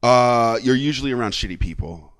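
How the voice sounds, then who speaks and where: A man's voice: medium pitch, a little fast, no echo. A man co-hosting a podcast, telling a rant story with lots of swearing and acted-out quotes. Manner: animated storyteller, swears freely, acts out quotes. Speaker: podcast co-host. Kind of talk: casual chat.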